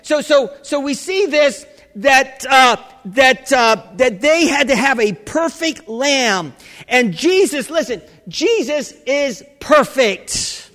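A pastor preaching a sermon with fervent energy, often rising into shouts and restarting his sentences. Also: extremely high pitch, animated, takes it slowly. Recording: church hall with long reverb.

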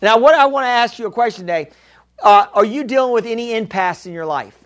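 A man with a strikingly high voice preaches in church. He is emphatic, repeats his key lines and calls out to the congregation. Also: animated, fast. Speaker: pastor. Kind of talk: sermon.

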